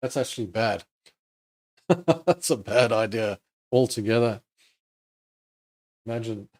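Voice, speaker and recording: A man's voice: mid-range voice, expressive, takes it slowly, a little mellow. A man hosting a live trading stream, casually thinking aloud over charts and chatting with viewers. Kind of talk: live market commentary.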